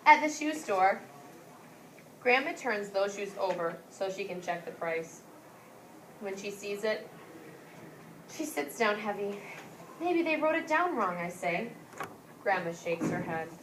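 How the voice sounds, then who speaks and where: A woman's voice: medium pitch, slow pace, pauses often, noisy background. A woman teaching a class, explaining questions and reading a storybook aloud, acting out the lines. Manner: animated storybook reading with voiced characters. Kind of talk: classroom lesson with read-aloud. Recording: echoey classroom from far off.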